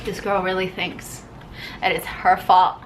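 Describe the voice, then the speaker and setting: A woman's voice: lowish voice, little pitch movement, a little slow, a little hiss or hum. A young woman ranting in a book review vlog, swearing freely and reading passages aloud from the book.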